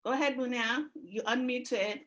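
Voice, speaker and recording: A woman hosts a community event over a video call. She talks in a relaxed, chatty way as she gives announcements and introduces the next performer. Her voice sits somewhat high. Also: unhurried. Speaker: host of an online community event. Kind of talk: casual event hosting.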